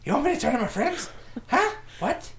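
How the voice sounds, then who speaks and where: A man's voice: very high voice, big pitch swings, a little fast, a bit bright, echoey room, pitched above the performer's own voice, exaggerated voice. A man doing a baffled Boston tough guy. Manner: keeps barking short puzzled questions. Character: confused, questioning Boston man, a film-star impression.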